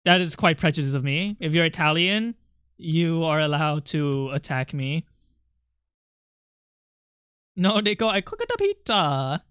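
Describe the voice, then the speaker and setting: In a smooth, clean voice that's middling in pitch and a bit bright, a streamer chats during a drawing session. They're jokey, quick to apologize, and self-deprecating about their art. The recording is close and dry, with no room around it.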